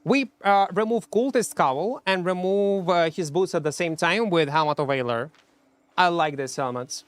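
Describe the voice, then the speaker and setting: Brief: male game streamer, high voice, chatty and self-mocking, non-native English. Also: normal speed. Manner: self-mocking, talks to chat, hums between plays. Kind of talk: casual live-stream chat while playing.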